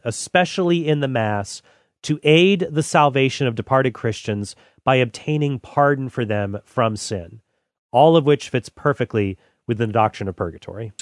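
A man reading old church writings aloud and commenting on them in a measured, deliberate way. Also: mid-range voice, no room sound, clean studio sound. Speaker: Catholic apologist host.

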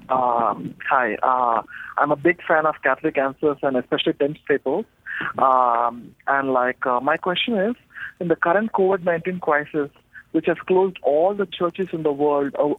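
A man's voice: a little high, moderate pace, dry recording. A young man from India calling in, asking a question hesitantly with many fillers and restarts. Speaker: caller. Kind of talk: call-in question. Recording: tinny phone line.

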